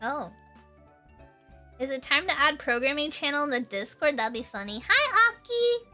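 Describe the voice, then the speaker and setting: A woman's voice: high voice, expressive, moderate pace, sharp tone, faint music behind. A young woman hosting a casual livestream chat, rambling through stories and breaking into giggles. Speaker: livestream host.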